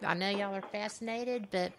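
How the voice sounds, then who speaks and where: A woman's voice: mid-range voice, steady tone, moderate pace, poor audio. A woman hosts a radio talk show, dropping in short encouraging remarks. A faint hiss sits in the background. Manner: brief, encouraging interjections. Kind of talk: casual radio chat.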